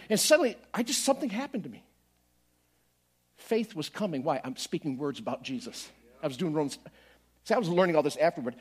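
A middle-aged man delivers a storytelling sermon in a high, slightly husky voice. He drops low for confiding asides, then climbs loud and high as he acts out his pleading prayers. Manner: animated, swings from quiet to loud, acts out his own prayers. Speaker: pastor.

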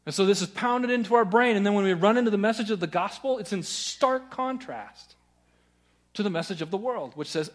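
A man preaching a sermon, earnest, moving between loud urging and hushed, searching questions. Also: high voice, moderate pace. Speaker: pastor.

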